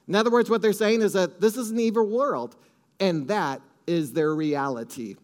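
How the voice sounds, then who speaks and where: A man's voice: sits high, moderate pace. A man preaching a sermon with strong emphasis, leading the congregation to repeat phrases after him. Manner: emphatic, leads congregation in call-and-response.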